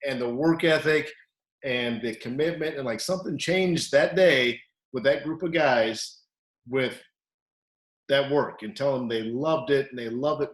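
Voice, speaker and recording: Unhurried and easygoing, a wrestling coach who co-hosts a podcast shares stories in a mid-range voice, suddenly energizing the lines he quotes and acting them out loudly. A noticeable echo from the room surrounds his animated speech.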